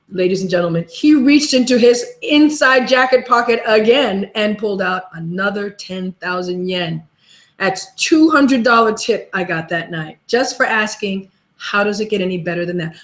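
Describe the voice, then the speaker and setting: A woman's voice: medium pitch, animated, normal speed, reverberant. A woman hosting a motivational webinar, telling stories in a chatty way and repeating her key question. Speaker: webinar host and life coach.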